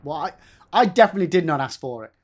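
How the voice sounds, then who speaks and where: A man's voice: fairly high pitch, animated, quick pace, a little hiss or hum. Swearing man streaming a hard game. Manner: swears a lot, banters with chat. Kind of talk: casual live commentary while playing and reading chat.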